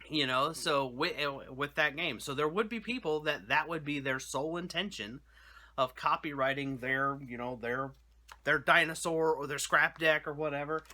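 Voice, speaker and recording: Bright-voiced chatty male channel host. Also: on the high side. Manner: rambling, self-correcting, chatty with frequent "you know"; jokey, laughs at his own jokes. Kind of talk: casual talk to camera.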